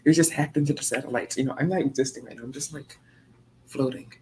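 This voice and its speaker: A man's voice: medium pitch, fast talker, mellow, a little hiss or hum, poor audio. A man hosting a reaction video, making sarcastic, mocking asides in casual commentary.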